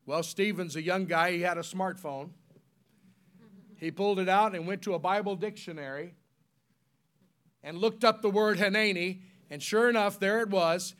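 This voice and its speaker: A man preaching a sermon, spelling words out slowly and leading the congregation in call-and-response, swinging from loud emphatic peaks to soft solemn tones. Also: sits high, clean tone.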